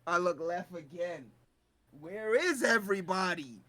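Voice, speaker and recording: A lively co-host telling a convention story with a swinging, expressive pitch. Profane and animated, the voice leaps from loud outbursts to low mutters mid-sentence. Pure casual chat among friends. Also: a little slow, over loud music. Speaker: podcast co-host.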